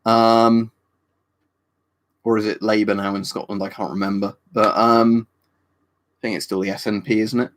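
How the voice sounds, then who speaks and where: A man's voice: lowish voice, little pitch movement, moderate pace, pauses often. A man from the UK, hosting a livestream and answering viewers' questions in a rambling, casual way, full of fillers and tag questions. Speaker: livestream host answering chat. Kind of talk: casual live chat.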